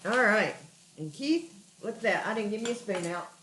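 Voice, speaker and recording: A woman's voice: mid-range voice, expressive, normal speed, fairly bright tone, roomy sound, slight background noise. A woman with a Texan accent hosting a live cooking stream from her home kitchen. She talks in a chatty, earnest, folksy way. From Texas. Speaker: cooking show host.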